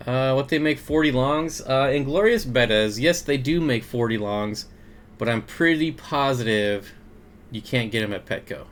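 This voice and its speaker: On a desk mic with a bit of background noise, a young man hosts a relaxed aquarium livestream in a mid-range voice at normal speed. He calls out viewers by name and reads their comments aloud, chuckling frequently.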